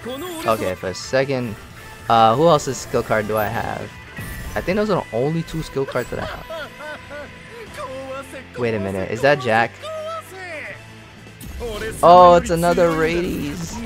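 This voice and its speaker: Lively slang-heavy young gamer guy. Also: mid-range voice, measured pace, long pauses, faint music behind. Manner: excitable, slangy, grumbling at bad luck. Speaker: mobile game streamer. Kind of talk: casual gaming commentary.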